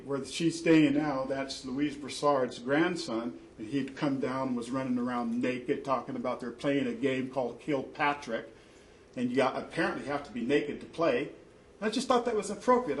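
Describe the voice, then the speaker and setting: A man, a father and church deacon, giving an impassioned testimony in an indignant, emphatic way, often restarting his sentences. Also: on the high side. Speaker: father testifying in a custody dispute. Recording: echoey room with faint background noise.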